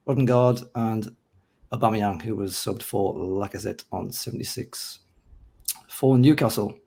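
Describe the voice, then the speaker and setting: A man with a mixed North East English accent hosting a casual football podcast, his throat hoarse and rough, chatting in a self-mocking way. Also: medium pitch, dark tone. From North East England. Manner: chatty, self-mocking, lists names steadily. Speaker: podcast host.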